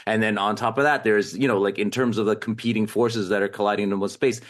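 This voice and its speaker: A man's voice: on the low side, fairly even intonation, quick pace. A man film critic in a casual panel chat, rambling and full of fillers as he works through his thoughts.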